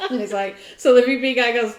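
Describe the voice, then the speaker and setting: A woman co-hosting a casual crafting chat, telling a workplace story with lively asides and self-mocking laughter. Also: a little high. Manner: animated storyteller, laughs at herself. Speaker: podcast co-host. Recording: roomy echo.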